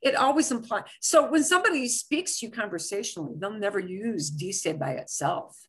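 A woman's voice: medium pitch, animated, fairly quick, fairly bright tone, breathy edge. A woman teaching a beginner language class, explaining with lots of examples and repetition. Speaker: Spanish teacher. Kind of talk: live online language class.

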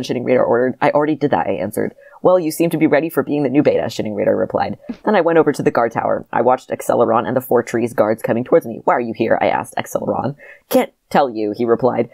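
Very low-voiced woman reading fast. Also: vocal fry, darkish tone, dry recording. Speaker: podcast co-host reading aloud. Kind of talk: reading a childhood story aloud with banter.

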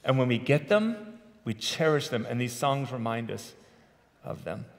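A man's voice: mid-range voice, very animated, measured pace. A middle-aged man, a pastor, preaching a sermon in a conversational way with self-deprecating humor, in a large church sanctuary. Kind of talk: sermon with personal stories. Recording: long reverb of a church hall.

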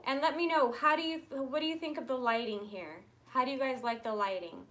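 A woman hosting a casual live-stream handbag sale from a room at home. She chats in a friendly way and coos at her pets in a high voice. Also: brisk, fairly bright tone. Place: room at home in natural light, pets nearby.

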